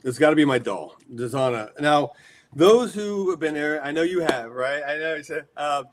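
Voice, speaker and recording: A man in his forties from the United States, telling rambling, animated stories as a guest in a casual interview. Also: fairly high pitch, moderate pace. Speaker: guest, horror shop owner.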